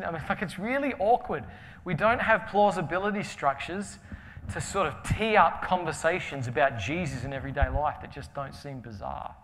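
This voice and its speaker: A man preaching a conference sermon, telling stories with humor and swinging between loud and hushed delivery. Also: a little high, lively intonation, normal speed, slight background noise. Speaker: pastor. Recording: reverberant hall with faint ambience.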